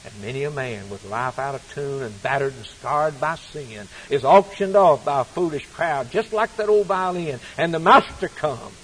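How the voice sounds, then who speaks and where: A man preaching a sermon, swinging from loud, rising appeals to hushed, low passages. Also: animated, normal speed, hardly any pauses, breathy edge, rough recording.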